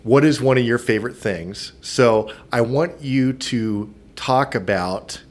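A man in his forties hosting a podcast interview, enthusiastic and quick to laugh. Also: medium pitch. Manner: warm, enthusiastic, laughs easily. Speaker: podcast host. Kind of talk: casual interview.

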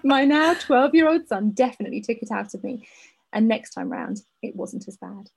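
Brief: female podcast co-host, slightly breathy voice, bit high, animated letter reading. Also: normal speed, low-quality recording. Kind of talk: casual chat, reading a listener letter.

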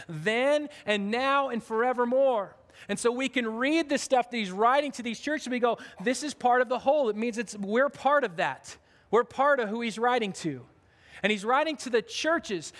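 A man's voice: very high voice, a bit bright. A man, a pastor, preaching a conversational sermon in a church, with earnest talk and frequent restarts. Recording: long hall reverb.

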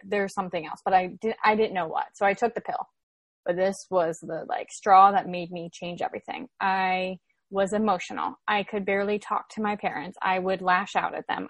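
Telling a personal story casually as a podcast guest, a twenty-something woman from Florida, USA, retells it animatedly with lots of "like" fillers. Her voice is medium in pitch, with no echo.

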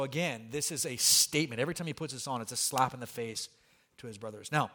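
A man preaching a sermon as pastor, conversational and animated, with humorous asides to the congregation. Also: mid-range voice.

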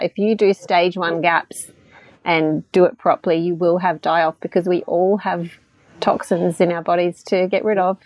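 A woman's voice: on the low side, steady tone, a little mellow, dry recording. Female podcast co-host, casual and chatty; dry, close recording. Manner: chatty, quick to laugh. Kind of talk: casual chat.

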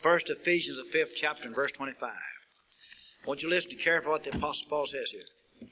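Man, preacher, sermon, high voice, slow stretched-out stresses. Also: bright, forceful tone, dull audio, slight background noise. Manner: rising to emphatic climaxes, rhetorical questions; slow drawn-out stresses on key words.

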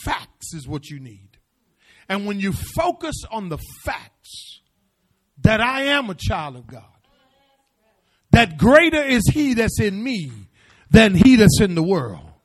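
A middle-aged male pastor preaching a sermon, repeating phrases and swinging from hushed asides to shouted declarations. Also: high-pitched, big pitch swings, measured pace.

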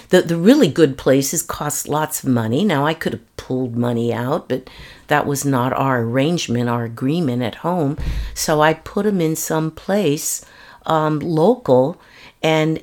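An older woman telling her personal story in an interview, earnest and halting, often restarting her sentences. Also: deep voice, darkish tone.

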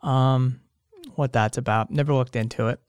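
A man's voice: mid-range voice, fairly even intonation, normal speed, a little mellow, clean tone, no room sound, studio quality. Tired, meandering male podcast host. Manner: meandering, frequent fillers and restarts, swears casually. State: tired, yawning. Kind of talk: casual rambling monologue.

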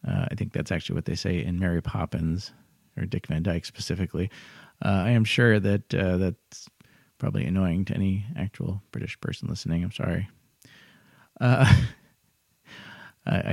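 A man's voice: sits low, vocal fry, darkish tone, no room sound, studio quality. A man hosting a casual music podcast, rambling and self-deprecating with lots of fillers. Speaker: podcast host.

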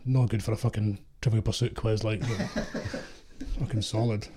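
Over the noise of a crowd, a middle-aged former security contractor from Scotland's East Coast shares war stories casually, bluntly and with plenty of swearing and laughs. He speaks at a moderate pace in a fairly low, steady voice.

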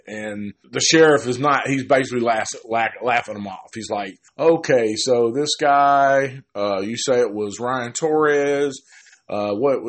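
Rambling, foul-mouthed man recapping a film. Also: mid-range voice. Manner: rambling, swears heavily, restarts often; acts out characters' lines in quick quoted asides. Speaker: film reviewer. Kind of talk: casual profane film recap.

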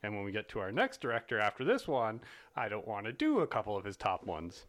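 A man co-hosting a casual film podcast, talking in an animated, playful way and laughing often. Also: lowish voice, fast. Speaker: podcast co-host. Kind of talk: casual chat.

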